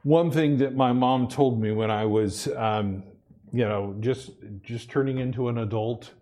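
A man preaching a sermon in a conversational way, often repeating himself and asking the congregation "Amen?", sometimes rising high with excitement. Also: measured pace. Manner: animated, rises high and loud when excited. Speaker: pastor.

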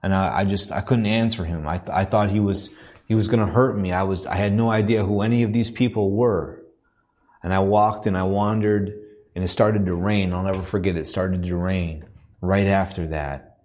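A man preaching as a missionary in a church, telling a personal story in an earnest, halting way that builds to a preaching cadence. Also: sits low, fairly even intonation, darkish tone.

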